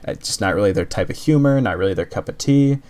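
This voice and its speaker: Man with a somewhat low voice, chatty earnest reviewer who rambles and restarts. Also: expressive, fast, a little mellow. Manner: rambling, heavy use of "like", frequent restarts; earnest, openly emotional. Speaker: anime reviewer. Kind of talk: casual spoken review.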